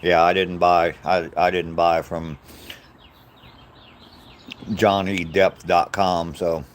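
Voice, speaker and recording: Low-voiced older American man rambling. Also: little pitch movement, takes it slowly, a little hiss or hum. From United States. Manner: rambling, jokey, laughs at own stories. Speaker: live-stream host. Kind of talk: casual chat with live chat viewers. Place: outdoors on a walk.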